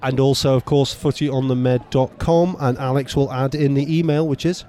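A man's voice: medium pitch, fairly even intonation, normal speed, warm tone. A man co-hosting a sports podcast, joking and laughing through playful banter with his co-hosts. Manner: playful, laughing, mock Australian voice. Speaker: podcast co-host.

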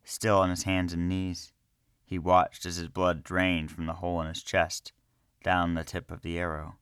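A man narrates a fantasy story in a slow, measured reading. His voice sits very low, and the recording is close and dry, with no room sound. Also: monotone, a bit bright, clear, resonant tone, no echo.

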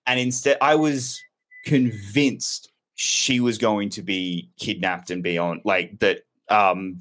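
A man with a fairly low voice talks through a movie in a loose, candid way. He rambles and corrects himself as he goes. It sounds like an unscripted review chat. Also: a bit bright. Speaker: film reviewer. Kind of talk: casual film review chat.

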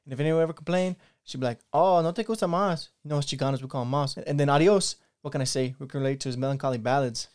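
A man hosting a podcast, shifting between a comedy sketch and casual chat, rambling like an excitable storyteller. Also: medium pitch, racing, few pauses. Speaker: podcast host.

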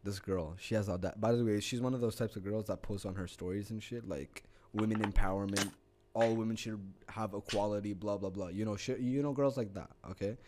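A young man co-hosting a podcast, telling a story in casual chat, animated, swearing a lot and laughing often. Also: lowish voice, a little fast, a little hiss or hum. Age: young adult. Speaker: podcast co-host.

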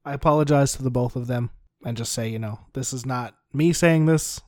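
Hesitant Newfoundland player, dry sound. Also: male voice, mid-range voice, a little fast, a little mellow, dry recording. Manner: hesitant, thinking aloud. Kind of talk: casual tabletop game play.

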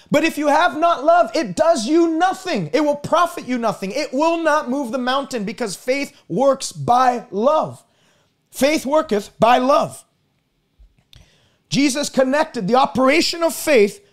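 Male preacher, very high pitch, emphatic and repetitive, scripture-heavy streamed sermon.

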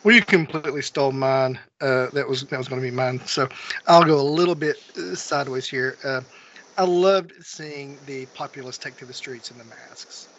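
Man with a bright, dull-sounding voice. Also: medium pitch. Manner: halting, many fillers and restarts. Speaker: podcast co-host. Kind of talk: casual movie discussion. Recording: dull lo-fi sound with faint noise.

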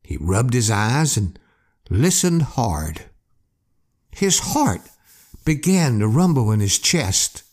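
Slow, lively male storyteller. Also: mid-range voice. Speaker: podcast host. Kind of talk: storytelling narration.

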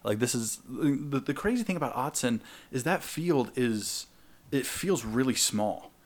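A man's voice: mid-range voice, unhurried. Man telling a story in casual chat. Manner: animated, acts out quoted people in raised voices. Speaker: podcast co-host.

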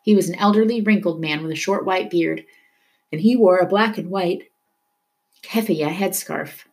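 A woman reading a novel aloud with steady storytelling narration. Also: lowish voice, normal speed. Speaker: reader.

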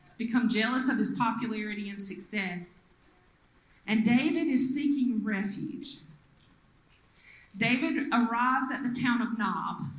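A woman's voice: fairly high pitch, measured pace, long pauses, echoey room, low-quality recording. A woman pastor, preaching a sermon and retelling the story with acted voices. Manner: storytelling, acts out the quoted people.

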